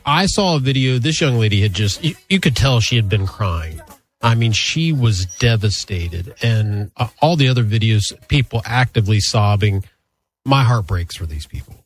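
A man hosting a casual legal news chat, talking in an animated, sympathetic way with frequent restarts. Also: fairly low pitch, normal speed. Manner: animated, sympathetic, self-interrupting. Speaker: show host.

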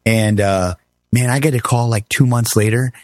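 Man in his fifties spinning war stories, voice jumps way up and down when he does other people, dry close mic, mid pitched. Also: moderate pace, no room sound. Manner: animated, acts out quoted voices with big pitch swings. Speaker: guest, army veteran. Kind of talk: casual storytelling in a conversation.

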